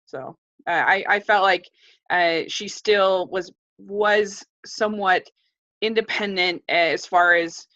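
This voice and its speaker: A woman co-hosting a casual film discussion, speaking in a measured, hesitant way as she gently disagrees. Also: medium pitch. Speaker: film podcast co-host. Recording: dull lo-fi sound.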